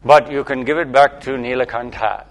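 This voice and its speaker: A man's voice: medium pitch, fairly even intonation, moderate pace. A man, a spiritual teacher, giving a playful, repetitive talk to listeners, often checking in with "okay?".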